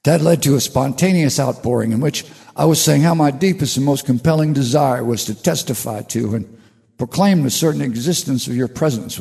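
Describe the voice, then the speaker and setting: An older man hosting his own show, talking slowly through a reflective spiritual monologue with halting restarts. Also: mid-range voice, vocal fry, darkish tone, long reverb tail. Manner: slow, musing, with halting restarts. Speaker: radio show host.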